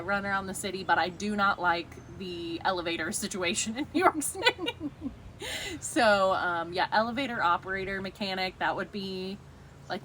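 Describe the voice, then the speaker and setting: A woman co-hosting a casual chat, telling lively stories and laughing often. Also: medium pitch, a little hiss or hum. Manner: animated storyteller, laughs often. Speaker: co-host.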